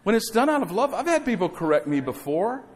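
A man's voice: high-pitched, big pitch swings, a little fast. A middle-aged man preaching a sermon as pastor, exhorting the congregation to say amen and throwing in conversational asides and rhetorical questions.

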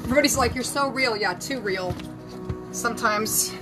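A woman's voice: a little high, normal speed, loud music behind the voice, rough recording. A woman with a Southern US accent, a psychic and spiritual advisor chatting candidly with viewers on a live stream while she does her hair and makeup. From Southern United States. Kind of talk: casual live-stream chat.

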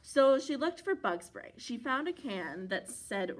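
A woman from a library reading a children's picture book aloud, expressive and playful, with funny sound effects. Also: a little high, unhurried. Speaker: library storyteller.

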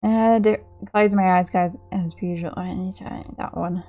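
A woman's voice: on the low side, fairly even intonation, normal speed, dark tone, soft background music. A young woman giving gameplay commentary as a channel host, apologetic and self-mocking, often laughing at her own work.

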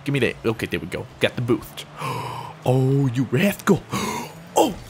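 A young man commentating his own gameplay, excitable and self-mocking, yelping and laughing at the plays. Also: medium pitch, measured pace, soft background music. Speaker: gaming YouTuber.

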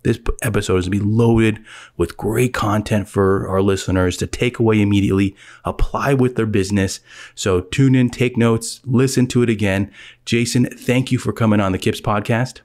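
Lower-voiced male host, upbeat and quick, for an interview podcast intro. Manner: energetic, talks fast when excited.

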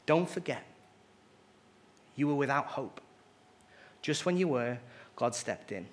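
A man's voice: medium pitch, expressive, slow pace. A man preaching a sermon, earnest and emphatic, with casual conversational asides. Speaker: pastor.

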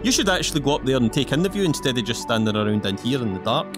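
A man's voice: mid-range voice, expressive, fast talker. A man giving cheeky, rambling, in-character commentary while playing a video game. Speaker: gaming YouTuber. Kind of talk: playful in-character gameplay commentary. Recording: game music playing behind.

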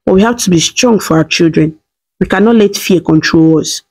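A woman's voice: on the low side, normal speed, a little mellow, close to an everyday voice. A woman voicing a fierce young mother who speaks with urgent determination to protect her twins. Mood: soothing.

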